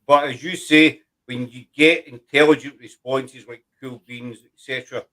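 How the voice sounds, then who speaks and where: A man hosting a chat show, explaining things in a rambling, halting way. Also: medium pitch, fairly even intonation, bright, forceful tone. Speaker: host. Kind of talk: casual chat.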